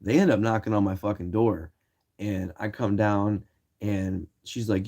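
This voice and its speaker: A young man from Ohio, a streamer telling loose, profane stories to his viewers in casual chat and acting out shouted lines. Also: on the low side, moderate pace. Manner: loose, swearing, acts out quoted shouts. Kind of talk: casual storytelling.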